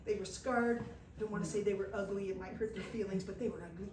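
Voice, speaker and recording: Speaking at a quick pace in a mid-range voice, a woman guest speaker shares a travel story with a small live audience, animatedly performing the quoted dialogue. The event room sounds roomy through a distant microphone, and there's faint noise.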